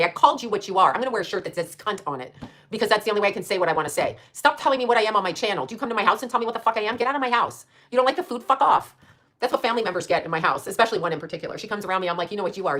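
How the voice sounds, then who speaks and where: Fast-talking blunt, profane woman near sixty. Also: medium pitch, a bit bright. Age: late 50s. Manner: quick, rambling, laughs at her own jabs. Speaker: channel host. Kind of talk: casual live-stream rant.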